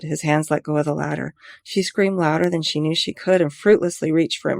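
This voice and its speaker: A woman's voice: deep voice, level tone, brisk, gravelly, few pauses, no room sound. A woman author reading her own mystery novel aloud in an earnest, amateur way.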